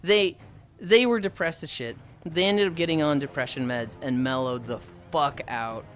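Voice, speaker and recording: A man's voice: on the high side, normal speed, fairly bright tone. Rambling, foul-mouthed Midwestern streamer guy. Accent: Midwestern American. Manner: rambling, swears freely, answers chat messages aloud. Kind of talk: casual chat with viewers.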